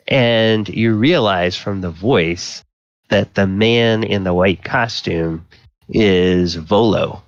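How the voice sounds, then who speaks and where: A man running a tabletop game as dungeon master, narrating slowly with many ums and uhs. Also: on the low side, no echo, dull audio. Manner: slow, filler-heavy descriptive narration.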